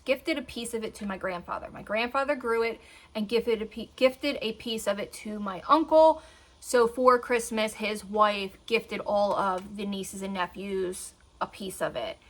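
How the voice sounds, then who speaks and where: Chatty woman in her thirties, rambling. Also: mid-range voice. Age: 30s. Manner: chatty, rambling, talks to her dogs mid-sentence. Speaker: beauty vlogger. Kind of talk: casual chat.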